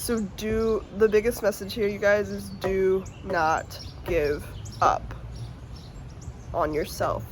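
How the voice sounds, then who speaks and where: Woman, tarot reader, casual and heartfelt, mild swearing, at times near tears, mid-pitched voice, faint background noise. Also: fairly even intonation, slow. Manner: emotional, earnest and swearing casually. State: tearful at times. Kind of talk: casual tarot reading to viewers.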